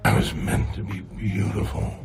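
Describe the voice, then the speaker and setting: An actor playing a menacing male robot villain, speaking slowly and ominously in a film clip. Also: close to an everyday voice. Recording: film clip under loud music.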